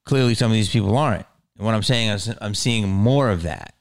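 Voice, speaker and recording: A man hosting his own podcast, rambling in a casual, profane monologue that swings from mumbles to loud outbursts. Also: on the low side, fairly quick, dry recording, clean studio sound. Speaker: podcast host.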